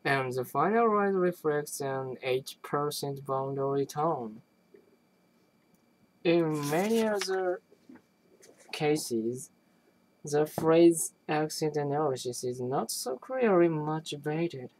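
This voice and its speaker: Slow, halting reader of an academic text. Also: mid-range voice, lively intonation, a little hiss or hum, low-quality recording. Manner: halting reading with frequent restarts. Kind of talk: reading a linguistics text aloud.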